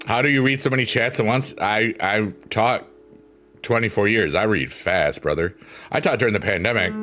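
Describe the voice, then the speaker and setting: A man's voice: lowish voice, normal speed. A middle-aged man hosting a livestream, chatting casually and reading comments aloud in a goofy, joking way. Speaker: livestream host. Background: soft piano music.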